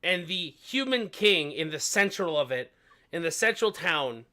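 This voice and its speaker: A man narrating a tabletop game as game master, halting with frequent fillers and restarts. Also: a little high, lively intonation, bright, forceful tone.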